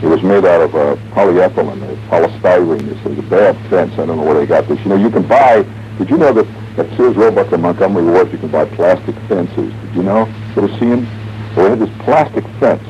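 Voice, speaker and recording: A man in his forties from the American Midwest hosts a late-night radio monologue in a low, dark voice at a brisk clip, spinning a long, wry, rambling story while humming tunes and imitating sounds over soft background music. It was captured on a studio radio mic, and the 1970s broadcast sounds dull and muffled with a faint hiss.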